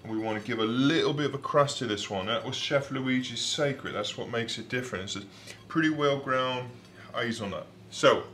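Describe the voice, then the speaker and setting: A man with a put-on London accent, casually talking through a recipe he is cooking, rambling and playful with many pauses and ums. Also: mid-range voice, fairly bright tone, reverberant, a little hiss or hum.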